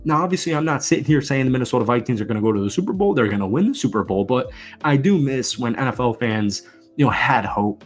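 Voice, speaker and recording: Male sports vlogger, emphatic ranting delivery, mid-pitched, faint music underneath. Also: lively intonation, quick pace. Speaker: football channel host. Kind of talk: sports commentary vlog rant.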